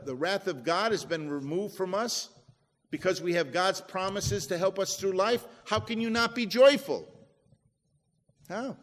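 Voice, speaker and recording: A man's voice: high voice, in a large hall. A man preaching a sermon in a conversational way, asking rhetorical questions and quoting scripture verses.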